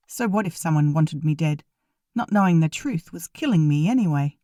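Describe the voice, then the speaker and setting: A woman narrating a first-person audiobook in an even, wry storytelling manner. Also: deep voice, moderate pace, dry recording, studio quality.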